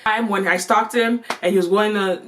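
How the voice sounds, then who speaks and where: A young woman telling a storytime vlog in an animated, playful and slangy way. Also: mid-range voice, normal speed, a little hiss or hum. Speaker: vlogger.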